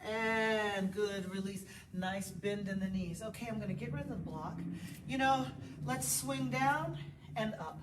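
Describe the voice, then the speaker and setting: Counting poses aloud during a live class, an encouraging, chatty yoga instructor speaks at a measured pace in a medium pitch. She is at times out of breath, and because her body mic is sometimes distant, her voice sounds far off in an echoey room with a little noise.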